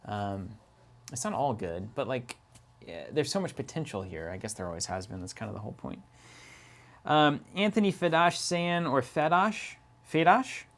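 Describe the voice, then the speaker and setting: A man's voice: lowish voice, big pitch swings, brisk, a bit bright. A man co-hosting a card game stream from an office, chatting casually, laughing often and reading viewer comments aloud.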